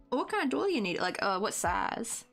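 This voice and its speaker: A young woman with a Tennessee drawl chats on a crafting stream at her desk. Her pitch swings widely as she rambles through fillers and asides. Faint music plays underneath. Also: a bit bright, husky. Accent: Southern US, Tennessee. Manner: chatty and rambling, full of "like" and "um", answering viewer chat. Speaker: crochet live streamer. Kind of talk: casual chat while crafting on stream.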